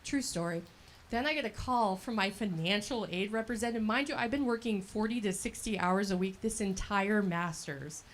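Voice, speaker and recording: A woman's voice: mid-range voice, moderate pace, a little hiss or hum. Chatty woman giving a laughing speech. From El Dorado County, California. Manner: chatty, laughing, storytelling with quoted voices. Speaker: scholarship recipient. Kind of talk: speech at a fundraiser event. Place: event at a brewery.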